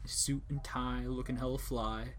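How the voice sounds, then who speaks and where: A man's voice: mid-range voice, flat delivery, unhurried, a little hiss or hum. Joking young man rambling on a podcast. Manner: rambling, joking, casual swearing. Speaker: podcast host. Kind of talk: casual podcast chat.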